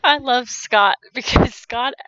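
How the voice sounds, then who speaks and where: A woman with a fairly high, tense voice trades sarcastic remarks over a clip, often laughing as she talks. Her sound is dry and close. It has a dull, lo-fi edge. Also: takes it slowly, pushed and bright, no echo. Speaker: commentary video host. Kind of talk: reaction commentary.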